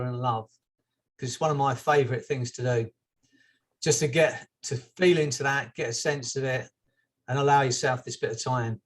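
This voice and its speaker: Male hypnotherapist, gentle and chatty, slightly high-pitched. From England. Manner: gentle, chatty, laughs softly. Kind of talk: relaxed group therapy talk.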